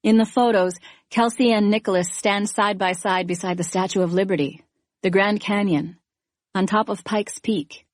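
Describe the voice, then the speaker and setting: A woman narrating a first-person thriller audiobook in a measured, even storytelling manner. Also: mid-range voice, no room sound, clean studio sound.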